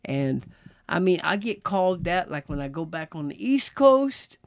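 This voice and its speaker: A middle-aged man from Texas, a former jockey, telling stories in a relaxed, rambling interview chat. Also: on the high side, clean tone. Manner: relaxed, drawn-out storytelling with asides. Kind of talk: casual storytelling.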